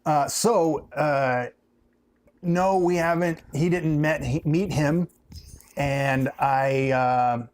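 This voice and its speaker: A man's voice: on the high side, extremely slow. A man co-hosting a casual live stream, steering the talk along between topics. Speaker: co-host.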